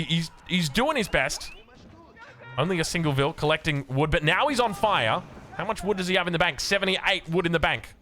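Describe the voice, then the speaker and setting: A young Australian man casting a strategy video game match, getting excited and rising in pitch as the action picks up. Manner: excitable, rises sharply when action picks up. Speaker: game caster. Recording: faint music behind.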